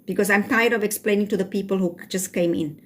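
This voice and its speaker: A woman's voice: mid-range voice, steady tone, fast. A woman with a South African accent hosting a live stream, reading comments aloud and firmly scolding viewers, slipping into Afrikaans phrases. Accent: South African (Cape Town). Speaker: livestream host.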